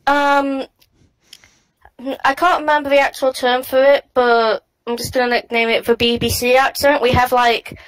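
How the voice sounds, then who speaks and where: Casting: English woman, podcast co-host, a bit high-voiced, thoughtful and explanatory. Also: flat delivery, moderate pace, clean tone, rough recording. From England. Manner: thoughtful, searching for words. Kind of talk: casual podcast chat.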